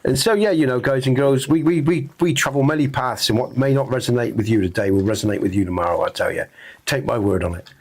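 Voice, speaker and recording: A man's voice: medium pitch, quick pace, a little mellow. A middle-aged man hosting a game stream, talking earnestly in a rambling, reflective way with lots of fillers and restarts. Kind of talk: reflective casual chat on stream.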